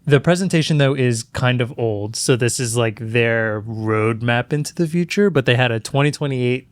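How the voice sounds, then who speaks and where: A man's voice: medium pitch, moderate pace, dry recording. Chatty man co-hosting a tech podcast. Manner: chatty, explains at length with fillers. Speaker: podcast co-host. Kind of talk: casual chat.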